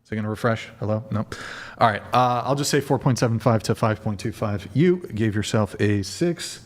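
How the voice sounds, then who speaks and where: A man's voice: fairly low pitch, fairly quick. A man hosting a dating panel on a live stream, blunt and teasing as he questions the guests. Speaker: dating show host.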